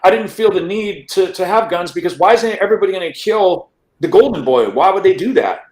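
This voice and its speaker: A man's voice: high voice, animated, fairly quick, darkish tone. Man telling a story in a roomy space. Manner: rambling, restarts with repeated words, asks "right?" often. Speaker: interview guest. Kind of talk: casual storytelling in a podcast interview.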